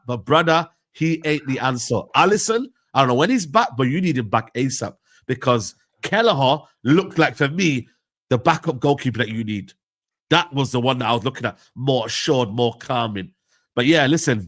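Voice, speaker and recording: A man's voice: a little high, a bit bright. A young man, ranting about football in a heated casual debate, full of slang. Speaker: football pundit and United fan.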